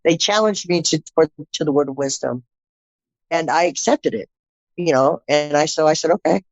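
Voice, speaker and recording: A woman's voice: low voice, normal speed, dry recording. A middle-aged woman, a podcast guest, telling her personal testimony bluntly and animatedly, acting out the people in it. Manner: blunt, animated storytelling with frequent restarts and quoted dialogue. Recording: slightly dull, dry audio.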